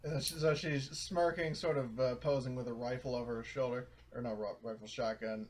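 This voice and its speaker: Husky guy player, quiet and hesitant, mid-pitched, talks about his character. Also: fairly even intonation, a little fast. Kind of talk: casual in-character chat.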